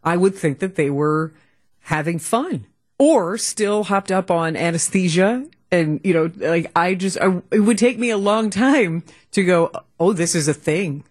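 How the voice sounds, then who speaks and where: Woman, radio co-host, casual chat, husky, animated, rambling. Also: lowish voice, a little slow.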